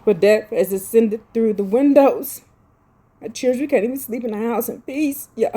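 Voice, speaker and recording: A woman preaches fervently to her followers, scolding them and reading scripture aloud in impassioned fashion. Her voice is a little high with a dark, slightly rough tone, and she speaks at normal speed.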